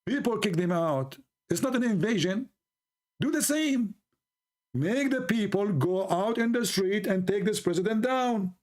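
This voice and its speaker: A man's voice: high-pitched, animated, normal speed, a little mellow. A man giving argumentative commentary, telling a folk tale and mocking his opponents as he acts out their voices.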